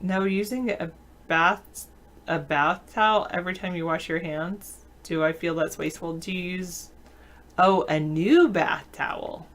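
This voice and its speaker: A woman's voice: lowish voice, unhurried, fairly bright tone. A woman hosting a casual live video chat, reading viewer comments aloud and answering them with frequent laughs. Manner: laughs often mid-sentence. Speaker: show host.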